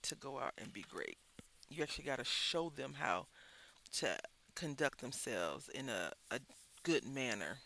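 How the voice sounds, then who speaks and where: A man's voice: mid-range voice, sing-song, measured pace, gravelly, bright, forceful tone. A man chatting casually to viewers while making a craft album, telling a rambling, candid story and addressing them as y'all. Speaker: craft vlogger.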